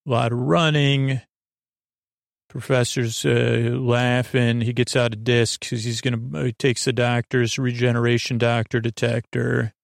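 Creaky-voiced man rambling a sleepy recap. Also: medium pitch, a little slow, no echo, clean studio sound. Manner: drowsy, meandering, deadpan with many fillers. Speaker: podcast host.

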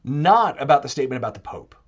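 A man talking in a casual podcast monologue, animated and putting on mock voices when he quotes others. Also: mid-range voice, fast talker, highs cut off. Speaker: Catholic podcaster.

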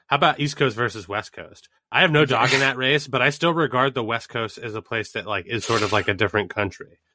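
A man's voice: medium pitch, pushed and bright, a little hiss or hum. A man with a mixed Boston, Southern and Midwestern accent, co-hosting a casual podcast chat, brash and profane. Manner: brash, profane and quick, breaking into laughs. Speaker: podcast co-host.

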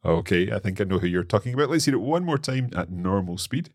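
This is a man hosting a language lesson podcast. His voice sits low with a husky edge, yet his pitch moves about a great deal. He sounds out new phrases slowly, with small hesitations, and the recording is close and dry. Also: animated, no room sound. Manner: working slowly through foreign phrases, hesitant fillers. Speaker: podcast host and learner.

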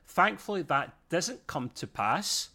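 A man co-hosting a podcast, reviewing a TV episode in lively casual chat, laughing often. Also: fairly high pitch, takes it slowly. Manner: animated, laughs often, slips into mimicry. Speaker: podcast co-host.

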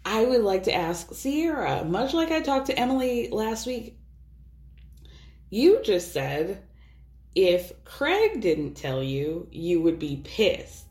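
A woman's voice: mid-range voice, sing-song, takes it slowly, a little mellow. A woman hosting a podcast, recapping a reality show in a chatty, sarcastic way and swearing freely. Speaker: podcast host. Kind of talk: casual recap commentary. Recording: roomy echo.

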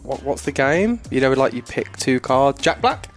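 A man's voice: mid-range voice, very animated, normal speed, faint music behind. A young man co-hosting a podcast in casual chat, laddish and swearing freely. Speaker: podcast co-host.

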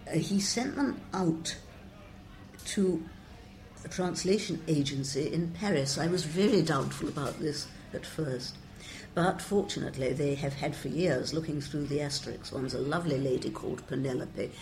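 A woman's voice: sits low, normal speed, a little mellow, a little hiss or hum. An older woman, a translator, giving wry, discursive interview answers and quoting verse with relish.

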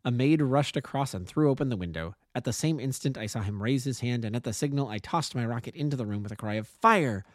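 A man's voice: mid-range voice, quick pace, few pauses, dark tone, dry recording, clean studio sound. A man, an amateur narrator, reading a classic detective story aloud and now and then correcting small slips.

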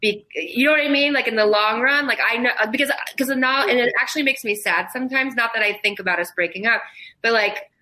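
A woman's voice: a little high, fast, sharp tone, rough recording. A woman chatting as a podcast guest, rambling and restarting her sentences, laughing through painful memories. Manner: rambling, self-interrupting, laughs through grief. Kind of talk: casual chat.

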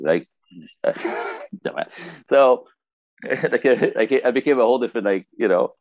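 A man's voice: medium pitch, a little slow, long pauses, no room sound. A middle-aged French Canadian man with a French Canadian accent, a podcast guest telling a story with lots of laughter and acted-out quotes. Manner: lively, laughs often, acts out quotes in different voices. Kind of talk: animated storytelling in a podcast interview.

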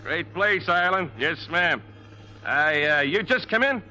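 Brief: a grasping New cabbie, brusque and streetwise, sharp and forceful, old radio drama. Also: male voice, on the high side, expressive, unhurried, slight background noise, exaggerated voice, low-quality recording. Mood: gruff, cynical. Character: gruff New York cab driver, grasping and cynical. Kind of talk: 1950s radio drama acting.

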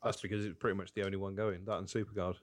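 A man's voice: low-pitched, little pitch movement, rapid-fire, no room sound. A man co-hosting a casual podcast chat with dry, teasing humour. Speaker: podcast co-host.

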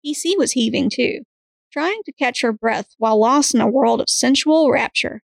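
Gravelly-voiced woman reading a story. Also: a little high, normal speed, no room sound, poor audio. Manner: steady reading, breaks into laughs. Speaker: podcast co-host and story reader. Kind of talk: reading erotic fiction aloud.

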